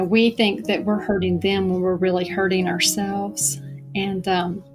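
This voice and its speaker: Middle-aged woman sharing her testimony, earnest and slow on key words, soft music under it. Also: medium pitch. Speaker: podcast guest. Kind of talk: personal testimony.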